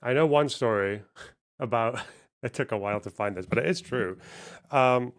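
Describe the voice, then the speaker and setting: A man's voice: mid-range voice, normal speed. A man giving loose, casual commentary as he reacts to clips, swearing and laughing often.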